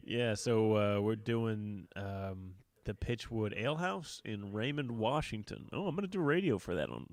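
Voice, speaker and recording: A man's voice: lowish voice, expressive, normal speed, hardly any pauses, dry recording. A man who does stand-up comedy, co-hosting a casual podcast chat, rambling through stories with lots of fillers and swearing. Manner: rambling storyteller, heavy fillers, profane.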